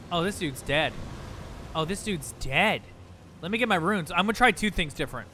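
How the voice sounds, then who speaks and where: Excitable high-voiced male game streamer. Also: normal speed, a little hiss or hum. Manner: excitable, talks to himself and thanks chat. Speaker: gaming livestreamer. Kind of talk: live gameplay commentary.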